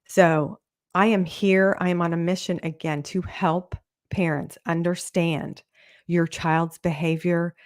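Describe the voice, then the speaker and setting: A woman's voice: fairly low pitch, flat delivery, unhurried. A woman parenting coach hosting her own podcast, explaining earnestly and briefly acting out the quoted words of children and parents. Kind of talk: solo podcast talk.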